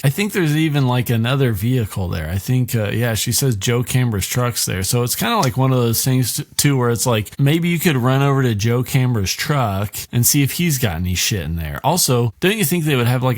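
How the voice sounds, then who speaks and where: A man's voice: mid-range voice, no echo. Laid-back, profane male podcast host. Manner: profane, joking, rambling. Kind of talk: casual book discussion.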